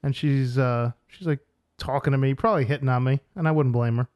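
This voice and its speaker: A man from New York co-hosting a casual podcast chat, blunt and deadpan as he tells joking stories. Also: medium pitch, a little fast. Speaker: podcast co-host.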